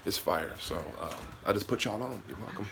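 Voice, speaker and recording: A man's voice: on the low side, a little fast, gravelly, background noise. A man hosting a casual live Q&A outdoors, talking in a laid-back, slangy way into a hand-held phone. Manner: laid-back slangy talk, answers viewer comments. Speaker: host.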